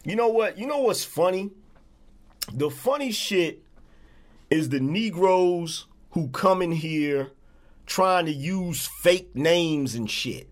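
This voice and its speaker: A man's voice: high-pitched, expressive, takes it slowly. A man hosting a livestream, ranting at viewers in a profane, repetitive, confrontational way. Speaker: livestream host. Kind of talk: angry livestream rant.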